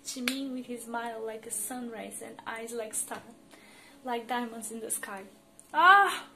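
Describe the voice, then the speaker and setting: A woman's voice: on the high side, little pitch movement, normal speed, background noise. A woman reading fan fiction aloud, narrating expressively with emotion. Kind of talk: dramatic story reading. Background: soft music.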